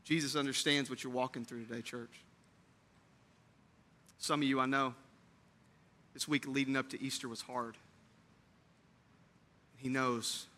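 A man preaching an Easter sermon to his church, moving between hushed, tender lines and loud, fervent build-ups, repeating phrases for emphasis. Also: mid-range voice, little pitch movement, unhurried, pauses often. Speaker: pastor. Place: church sanctuary.

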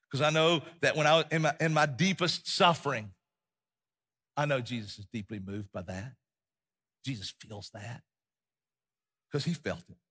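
Bright husky-voiced man preaching. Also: mid-range voice. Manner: impassioned, repeats phrases for emphasis, drops to a hush. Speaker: pastor. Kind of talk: sermon.

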